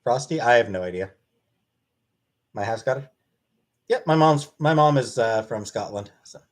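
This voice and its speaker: A man's voice: medium pitch, lively intonation, moderate pace. A man casually answering questions from his live-stream chat in a blunt, offhand way.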